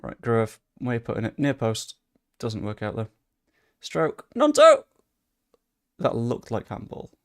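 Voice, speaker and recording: Young male streamer, gravelly tone, casual chatty gameplay commentary, excitable, swears. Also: fairly low pitch, moderate pace. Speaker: gaming streamer.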